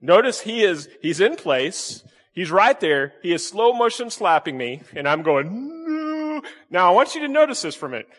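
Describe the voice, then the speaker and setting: Male pastor, animated delivery, a touch high, long hall reverb, preaches with questions and light humor. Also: normal speed. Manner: lively, questioning the congregation, playful asides. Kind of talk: sermon. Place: church sanctuary with congregation.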